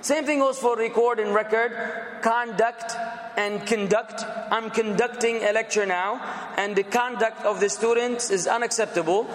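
A man gives a classroom lecture in a high voice, leaning hard on the words he contrasts and rising to sudden fervor. The room rings with echo and a long reverb tail. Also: steady tone, fairly bright tone. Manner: emphatic, drawn-out word contrasts, bursts of fervor. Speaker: teacher. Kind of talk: classroom lecture on English for preaching.

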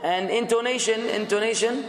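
An instructor with a high voice teaches a class at a moderate pace, talking conversationally and repeating words. He asks the students questions, repeating them until someone answers. The classroom sounds echoey, with some background noise.

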